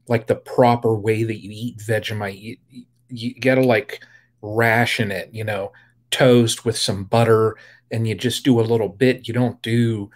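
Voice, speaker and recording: A man hosting a casual beekeeping livestream, rambling with lots of fillers and greeting viewers by name. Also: mid-range voice. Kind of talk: casual live-stream chat.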